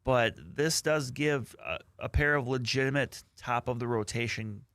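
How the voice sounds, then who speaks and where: A man co-hosting a sports radio show, giving measured, analytical takes with many "like" and "you know". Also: medium pitch, fairly bright tone, no room sound, studio quality. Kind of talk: casual sports talk. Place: radio studio.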